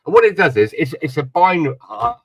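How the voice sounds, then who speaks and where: A man's voice: fairly high pitch, very animated, quick pace, breathy edge, poor audio. A man telling a long story in casual chat on a panel, rambling and repeating his words. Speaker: panel guest.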